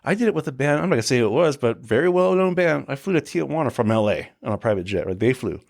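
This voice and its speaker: A man working in celebrity security, telling profane, animated stories as a podcast guest and acting out the people in them. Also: medium pitch, fast talker, creaky. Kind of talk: casual anecdotal storytelling.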